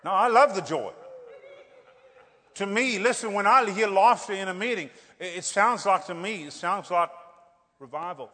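High-voiced man preaching revival sermon. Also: normal speed, long pauses. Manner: lively, swings between loud declarations and quiet asides, jokey. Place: large church hall. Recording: church hall with long reverb.

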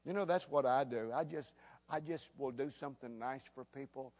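A man preaching a sermon as pastor, animated, repeating words and calling out for amens. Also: medium pitch, normal speed.

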